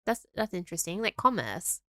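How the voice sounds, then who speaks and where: A woman co-hosting a podcast in casual chat, giggly and playful, with quick reactions and interjections. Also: on the low side, sing-song, a bit bright, dry recording, studio quality. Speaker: podcast co-host.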